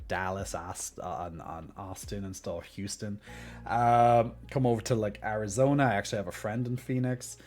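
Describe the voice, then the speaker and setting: A man's voice: fairly low pitch, a little mellow. An Irish man streaming, chatting casually with viewers in a rambling way full of fillers. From Ireland.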